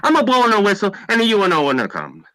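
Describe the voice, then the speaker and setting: A man's voice: high voice, huge pitch swings, rapid-fire, sharp tone, dry recording, voice pushed up, heavily acted. A man voicing a stern old Italian immigrant father who speaks broken English with a heavy Italian accent. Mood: scolding.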